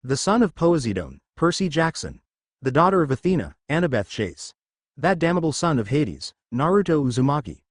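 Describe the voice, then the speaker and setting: A man's voice: fairly high pitch, big pitch swings, moderate pace, no echo, studio quality. A man doing a sneering French-accented monster villain. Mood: hostile. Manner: hostile, scheming.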